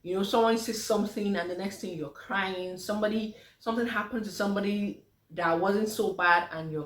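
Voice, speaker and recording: Her medium-pitched, slightly bright voice sits far from the mic, with a little hiss or hum in the echoey room. This woman physiotherapist chats informally to mothers about health, using many fillers and acting out quoted replies off mic.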